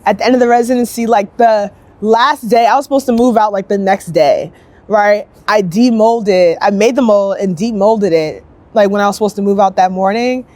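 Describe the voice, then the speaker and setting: A young woman sculptor telling her story in a casual, upbeat interview, chatty and lively, acting out other people's lines as she goes. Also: mid-range voice. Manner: chatty, upbeat, quick bursts, acts out quoted voices.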